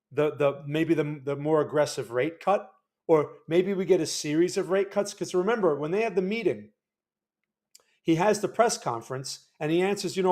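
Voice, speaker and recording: A man from New Jersey with a New Jersey accent, hosting a casual market-analysis livestream in a loose, conversational way, with many restarts and "right?" check-ins. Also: a little high. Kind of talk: casual livestream chart commentary.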